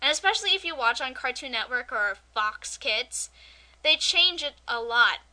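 A young woman co-hosting an amateur podcast, chatting casually and ranting with animated energy. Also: high-pitched. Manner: chatty, animated, quick to rant. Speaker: podcast co-host.

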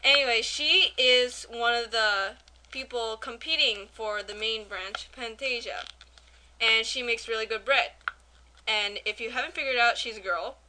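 Bright-voiced young woman rambling animatedly. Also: fairly high pitch, measured pace, slight background noise. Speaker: podcast co-host. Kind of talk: casual anime review chat.

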